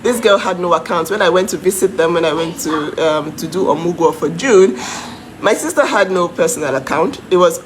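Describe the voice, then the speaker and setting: A woman's voice: fairly low pitch, lively intonation, normal speed. A young adult woman delivers a heated personal rant to her followers, emphatic and indignant, with bursts of bitter laughter. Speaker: vlogger speaking to her followers. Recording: noisy background hiss.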